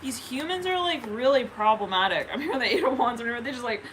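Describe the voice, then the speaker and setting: A woman's voice: a little high, expressive, quick pace, a bit bright, slight background noise. A woman giving a casual tarot reading, rambling and giggling often. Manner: giggly, rambling, stream-of-consciousness. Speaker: tarot reader.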